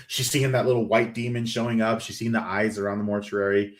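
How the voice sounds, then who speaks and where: Lively man recapping a story. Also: lowish voice, a little fast. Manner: animated storytelling, acts out quoted lines. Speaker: podcast host. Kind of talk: casual plot recap.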